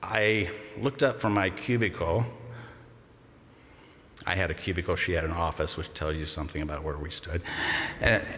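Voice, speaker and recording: An older man giving a memorial eulogy, telling fond anecdotes with gentle humor. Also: deep voice, steady tone, moderate pace, pauses often. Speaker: eulogy speaker. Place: large congregation hall. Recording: long reverb of a large hall.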